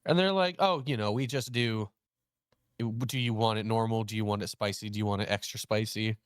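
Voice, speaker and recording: A man's voice: brisk, smooth, dry recording, studio quality. A young man hosting a casual chat, telling a story and acting out both sides of the dialogue. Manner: animated, acts out quoted dialogue with pitch jumps. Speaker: host.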